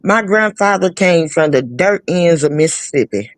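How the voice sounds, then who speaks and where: A woman's voice: lowish voice, animated, moderate pace, no room sound. Woman, blunt and cussing, dry close sound, opinionated live chat. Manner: blunt, profane, restarts mid-thought.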